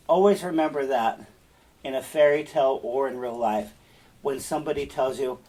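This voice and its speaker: A man's voice: medium pitch, moderate pace, a little mellow, low-quality recording. A man reading a fairy tale aloud and stopping often to explain its lessons in a conversational way. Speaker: storyteller and teacher.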